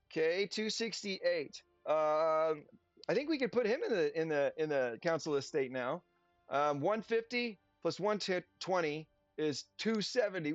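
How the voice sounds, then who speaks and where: A man's voice: fairly high pitch, no room sound. A man giving casual, chatty gameplay commentary, sarcastic and slipping into playful silly voices. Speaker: game streamer. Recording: dull lo-fi audio with music. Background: faint background music.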